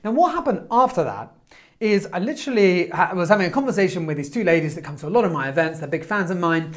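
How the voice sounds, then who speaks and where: A man giving a motivational talk, telling stories in an animated, quick way and acting out what people said. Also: high-pitched. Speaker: motivational speaker.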